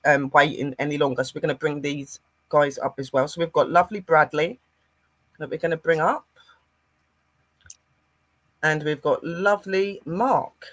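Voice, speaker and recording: Unhurried host welcoming viewers to a show. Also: female voice, low voice. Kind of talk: online show hosting.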